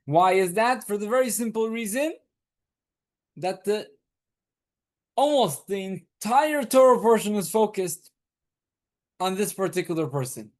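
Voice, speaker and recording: A man's voice: high-pitched, animated, measured pace, pauses often. A man, a rabbi, teaching a weekly Torah class to a small group. He explains patiently, repeats key points, asks rhetorical questions and turns to students to question them.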